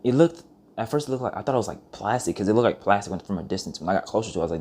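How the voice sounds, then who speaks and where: A young man with a very low voice tells a story in a loose, rambling vlog monologue. He swears often and keeps restarting his sentences as he goes. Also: racing, slight background noise. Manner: rambling, profane, animated retelling with restarts. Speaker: vlogger.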